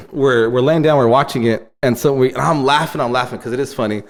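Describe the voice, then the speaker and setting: A man's voice: mid-range voice, a little fast. A man in his thirties, a podcast co-host, telling family stories in casual chat and laughing often. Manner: animated storytelling, laughs often.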